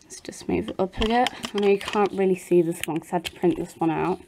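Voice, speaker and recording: A woman's voice: lowish voice, quick pace, gravelly, noisy background. A woman with a British accent hosting a doll channel, reading fan messages aloud. She reads hesitantly, stumbles over names and apologises often.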